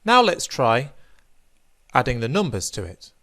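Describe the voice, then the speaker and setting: A British man teaching a music theory lesson, counting beats aloud slowly and clearly as he claps along. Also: mid-range voice, wildly swooping pitch, very noisy.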